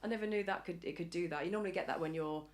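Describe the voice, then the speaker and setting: A woman's voice: on the low side, very fast. An English woman in a casual podcast interview, chatty and acting out the voices of people she quotes. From England. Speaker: podcast guest. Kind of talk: casual chat.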